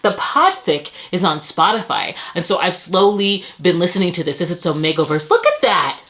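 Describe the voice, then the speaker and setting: A woman's voice: fairly low pitch, big pitch swings, moderate pace, a bit bright. Gushing woman unboxing book mail. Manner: gushing, breathless exclamations, stumbles over words. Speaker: book vlogger. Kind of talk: excited unboxing chat.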